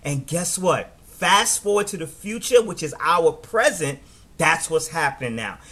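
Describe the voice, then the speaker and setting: A middle-aged man with a New York accent, giving a casual, animated business training talk and often restarting his words. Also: on the high side, a little slow. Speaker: network marketing trainer.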